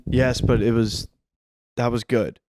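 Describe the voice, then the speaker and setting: A man's voice: mid-range voice, steady tone, unhurried, darkish tone, a little hiss or hum. A man co-hosting a casual film podcast, rambling and restarting his sentences, swearing freely. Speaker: podcast co-host.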